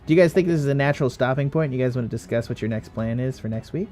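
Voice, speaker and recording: A man hosting as dungeon master, chatting casually at a tabletop game in an excitable, profane way and laughing often. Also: mid-range voice, very fast, faint music behind.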